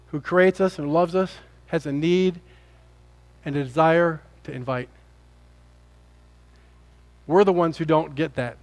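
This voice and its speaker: An American pastor delivers an energetic sermon, voice pitched high for a man. He talks to his flock, teases them and plays out small scenes as he makes his point. He is heard in a church. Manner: animated, acts out characters, jokes with congregation. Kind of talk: lively sermon. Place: church sanctuary.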